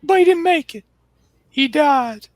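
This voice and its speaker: A shrill, squawking, frantic impression. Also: male voice, animated, unhurried, no echo. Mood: mournful. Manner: squawking, frantic, swears in minced oaths. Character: shrill, excitable man mourning a pet rat.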